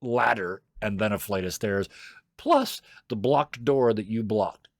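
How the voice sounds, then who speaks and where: A man narrating a tabletop game as game master, casual and halting, with many fillers, over voice chat. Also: on the low side, dry recording, clean studio sound.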